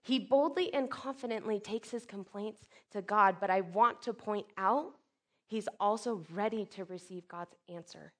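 A woman preaching a sermon, expressive, swinging from loud emphatic lines to soft hushed ones and acting out quoted speech. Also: medium pitch, measured pace. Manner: acts out quoted speech with sudden bursts.

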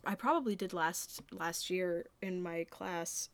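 A woman's voice: fairly low pitch, unhurried, no echo. A young adult woman co-hosting a podcast, chatting casually with a teasing, laughing manner. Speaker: podcast co-host. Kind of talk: casual book chat.

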